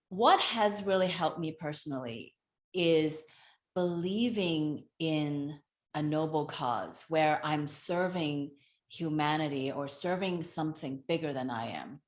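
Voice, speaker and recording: A woman speaking as a guest on a talk show, slow, earnest and reflective as she shares advice. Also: lowish voice. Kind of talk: reflective self-help talk. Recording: roomy echo.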